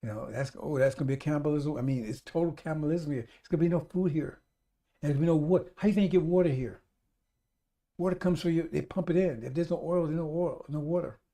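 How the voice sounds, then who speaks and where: A male radio preacher with a fairly high, mellow voice that never turns sharp. He drives his points home through repetition, addressing the listeners as brothers and sisters and climbing in pitch and volume when he presses a point. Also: fast talker. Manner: urgent, repetitive exhortation. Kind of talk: sermon on a live radio stream.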